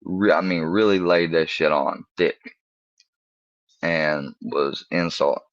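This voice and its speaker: A man in his thirties casually telling a profane anecdote, laughing often and raising his pitch to act out his friends. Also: slow pace, no room sound, muffled recording. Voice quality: profane, animated storyteller voicing friends in higher tones. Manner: laughs through the story. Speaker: podcast host. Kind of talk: casual storytelling.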